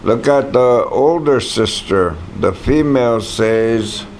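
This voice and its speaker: Slow, gravelly male language teacher. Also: mid-range voice, animated, a little mellow, a little hiss or hum. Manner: patient, models words for the class to repeat. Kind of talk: classroom teaching. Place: classroom.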